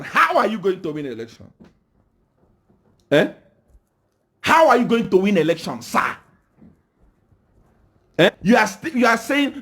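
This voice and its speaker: High-pitched zambian guy ranting live, keeps asking "eh?", lectures everyone. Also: very animated, moderate pace, a bit bright. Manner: scolding, rhetorical questions, repeated "Eh?". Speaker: political commentator. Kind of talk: livestream rant.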